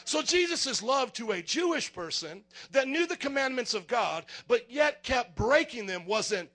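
A man, a pastor, preaching a sermon in a jokey, animated way, calling out to the congregation for responses. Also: extremely high pitch, a little slow, few pauses.

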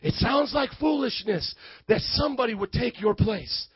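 A man preaching a lively sermon, shouting and calling on the crowd to repeat after him. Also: extremely high pitch, moderate pace, husky, no echo, dull audio. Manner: shouting, preaching with call-and-response. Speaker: youth pastor.

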